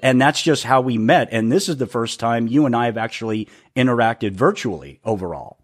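A man's voice: mid-range voice, a little fast, faint music behind. A man hosting a casual podcast, rambling and stammering, often laughing at himself. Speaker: podcast host.

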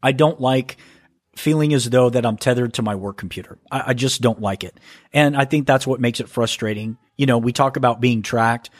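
A man hosting a podcast from home talks casually through listener mail. He often stumbles and restarts mid-sentence. His voice sits at an ordinary pitch and sounds close and dry, with no room around it. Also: no echo. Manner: halting, stumbles and restarts when reading aloud. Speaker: podcast host.

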